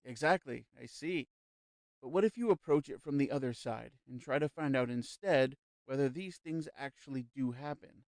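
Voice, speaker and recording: A man voicing a calm, persuasive male spirit medium in an audiobook, speaking slowly, smoothly and quietly. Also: medium pitch, no room sound, natural voice. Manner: slow, smooth, quiet, reassuring. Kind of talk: audiobook character reading.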